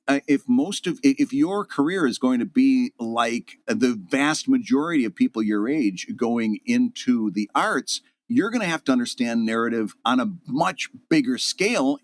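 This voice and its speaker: A man's voice: medium pitch, animated, normal speed, few pauses. A man co-hosting a podcast in casual chat, joking and laughing often. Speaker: podcast co-host.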